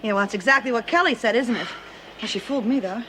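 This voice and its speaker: A woman's voice: a little high, fast talker, a bit bright, slight background noise, lightly acted, low-quality recording. A woman playing an earnest, urgent inmate. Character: anxious, earnest female inmate. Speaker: prison inmate.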